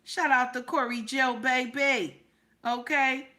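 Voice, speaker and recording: A woman's voice: sits high, steady tone, takes it slowly, sharp tone. A woman hosting a live stream, preaching and sassy, repeating herself for emphasis. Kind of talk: casual live-stream commentary.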